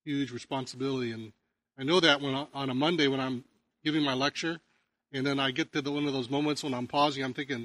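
A pastor preaching in a conversational way, telling stories and often restarting phrases. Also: male voice, mid-range voice, fairly even intonation, quick pace, fairly bright tone, dry recording. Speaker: pastor and teacher. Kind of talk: sermon.

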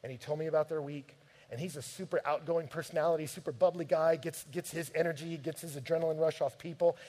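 Animated preacher man. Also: on the high side, quick pace. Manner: lively storytelling preacher, animated and direct. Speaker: pastor. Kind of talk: sermon.

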